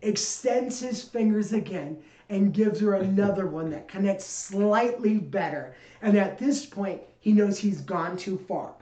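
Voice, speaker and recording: A woman co-hosting a podcast, telling a long story in a casual, profane, animated way. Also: mid-range voice, a little slow, few pauses. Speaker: podcast co-host. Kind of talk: casual chat. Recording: echoey room.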